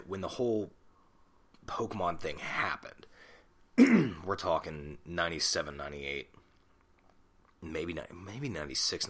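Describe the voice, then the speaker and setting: A man's voice: extremely low pitch, a bit bright, breathy edge. A man in his twenties hosting a solo podcast on a desktop mic at home, rambling and self-conscious, swearing casually. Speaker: podcast host. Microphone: desktop USB mic.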